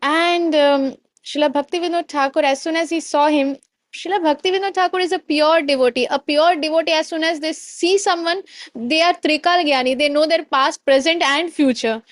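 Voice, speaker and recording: A woman giving a devotional storytelling talk, animated and digressive, sometimes stopping to search for a word. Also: high voice, moderate pace, dry recording, studio quality.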